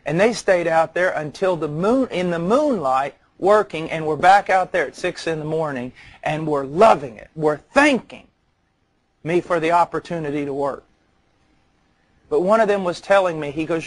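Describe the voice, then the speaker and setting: A man's voice: a little high, moderate pace. A man preaching a sermon, telling stories conversationally and building to earnest intensity, often repeating words as he starts a phrase.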